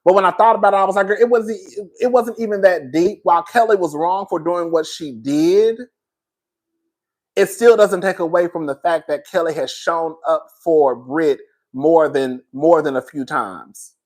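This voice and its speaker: At a moderate pace, a man with a darkish voice on the high side reviews a reality show, casual and opinionated. He calls his viewers girl and baby, stays sassy and blunt, and swears freely.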